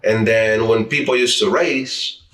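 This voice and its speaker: His voice is medium in pitch, steady and a bit bright, and he takes his time. The man, an interviewee from the New York area who used to street race, tells casual anecdotes, voices quoted lines and keeps restarting his words, heard from a set-back mic in a roomy room.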